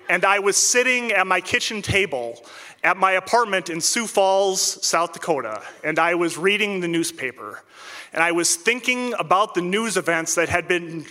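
A man from central Minnesota, telling a personal story to an audience with a wry, deadpan comic delivery. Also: sits high, big-room sound. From central Minnesota, United States.

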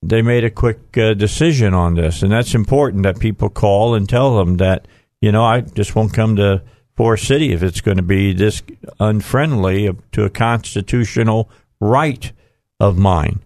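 A man's voice: lowish voice, normal speed, a little mellow, dry recording, studio quality. A man hosting a radio talk show, folksy and rambling with frequent fillers.

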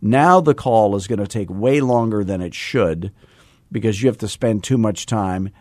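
A fast-talking man coaching salespeople in a loose, joking podcast style. His voice sits on the low side and sounds close and dry, with no room behind it. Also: dark tone, dry recording. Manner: fast-talking, admits talking too fast; jokey and self-deprecating while instructing. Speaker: real estate sales coach and host. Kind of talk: casual podcast teaching.

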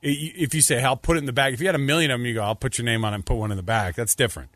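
A man's voice: mid-range voice, fairly even intonation, rapid-fire, a bit bright, no room sound. Rambling male radio co-host. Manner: rambling storyteller with many restarts. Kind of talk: casual radio chat.

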